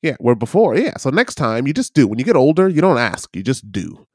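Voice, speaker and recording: A man in casual podcast chat who teases his co-host and lays out advice with mock calm. His pitch moves a lot, and the recording sounds close and dry with no room echo. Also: brisk. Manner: teasing, gives advice, mock-soothing.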